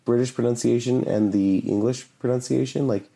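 A man's voice: medium pitch, steady tone, vocal fry, warm tone. A man in casual conversation who teases and challenges the other speaker. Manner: teasing, quick to challenge. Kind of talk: casual banter.

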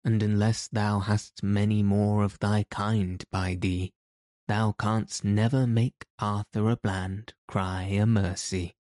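A man's voice: fairly low pitch, flat delivery, takes it slowly, a little mellow, no room sound, clean studio sound. A man voicing a stubborn, fearless tanner who talks back defiantly in old-fashioned speech. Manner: defiant, archaic retorts.

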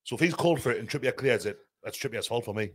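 A man's voice: mid-range voice, animated, very fast. A man, a podcast panelist in casual football chat, arguing his point step by step. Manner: argumentative, talks through the logic step by step.

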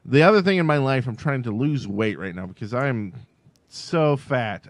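A man's voice: medium pitch, big pitch swings, normal speed, no echo. A man co-hosting a podcast, chatting casually and rambling with lots of "like" fillers. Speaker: podcast co-host. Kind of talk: casual chat.

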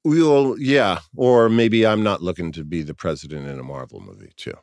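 A man's voice: deep voice, normal speed, darkish tone, no echo. A man in his sixties from New York City, a guest in a casual interview, talking in a reflective, thoughtful way. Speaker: actor guest.

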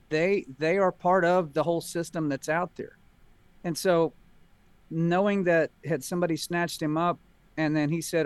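A middle-aged man with a drawl speaks as a talk show guest. He tells stories in a folksy, plain-spoken way. His voice sits a little high for a man and sounds dry and close to the mic. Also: steady tone, fairly quick, clear, resonant tone, no echo. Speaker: guest, country singer. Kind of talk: casual talk show chat.

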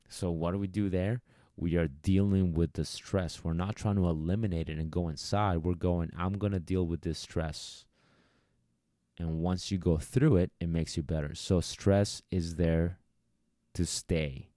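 A man's voice: deep voice, fairly even intonation, moderate pace, warm tone, no echo, studio quality. A man, a dog trainer, talking casually to listeners and acting out quoted voices as he gives advice. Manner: chatty, coaching, acts out quoted voices. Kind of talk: casual podcast monologue.

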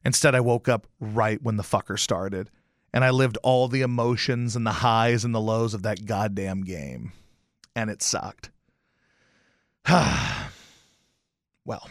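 Profane, animated sports-talk man. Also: fairly low pitch, slow pace, pauses often, no echo, studio quality. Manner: profane, animated storytelling with loud outbursts. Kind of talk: casual sports rant.

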